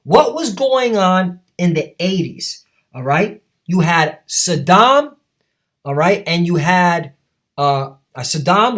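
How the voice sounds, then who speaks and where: A man's voice: sits high, fairly bright tone. A man preaching a fiery sermon, reading scripture aloud and driving points home with repeated "all right?" tags. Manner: emphatic, repetitive, with many tag questions.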